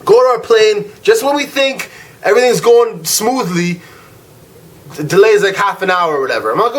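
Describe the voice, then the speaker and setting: A young man from Canada, a vlog host, telling a travel story as a slangy, animated rant. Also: high voice, fairly quick. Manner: animated, slangy, swings from loud irritation to laid-back drawl.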